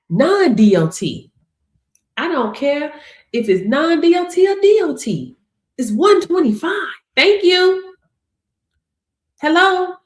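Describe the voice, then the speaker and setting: A woman's voice: high-pitched, a bit bright, echoey room. A woman coaching her audience in a sassy, emphatic, casual way, laughing often and calling listeners baby. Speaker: business coach. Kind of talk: casual motivational talk to camera.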